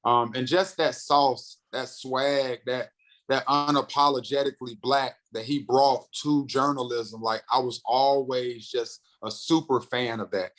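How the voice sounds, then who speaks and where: A North Carolina comedian and radio host in his thirties tells stories as a podcast guest in a casual interview. His medium-pitched voice is lively, speeding up in excited bursts as he acts out other people's voices. The audio is poor.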